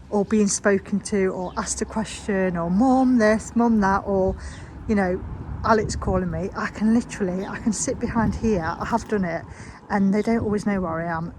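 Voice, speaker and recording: A woman's voice: mid-range voice, low-quality recording. A woman vlogging outdoors in her courtyard garden, talking in a rambling, chatty way with lots of "um" and "sort of". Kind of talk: casual chatty vlog. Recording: outdoor recording with clear traffic noise. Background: passing road traffic.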